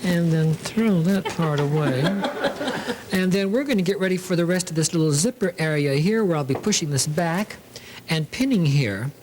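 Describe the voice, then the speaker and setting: A man's voice: on the high side, animated, normal speed, noisy background. A man hosting a sewing demonstration, talking in a theatrical, camp way, full of 'lovely' and 'darlings'. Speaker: sewing show host.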